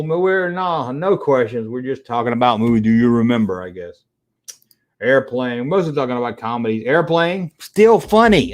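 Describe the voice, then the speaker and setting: A middle-aged man hosting a casual livestream, chatting with viewers in a rambling, profane way. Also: medium pitch. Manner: animated and profane, rambling between tangents. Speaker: livestream host.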